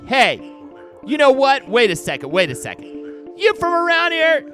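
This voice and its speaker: Brash, abusive film director in a video game , a man putting him on, high and bright, pitch swinging wildly. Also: huge pitch swings, moderate pace, faint music behind, exaggerated voice. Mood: rude. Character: abrasive male film director, crude and arrogant.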